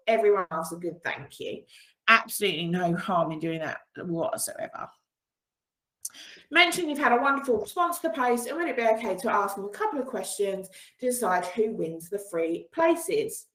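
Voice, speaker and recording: A woman's voice: on the high side, a bit bright, echoey room, poor audio. A woman running an online coaching session over a video call, upbeat and encouraging, with frequent laughs. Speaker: business coach. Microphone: video call with screen sharing.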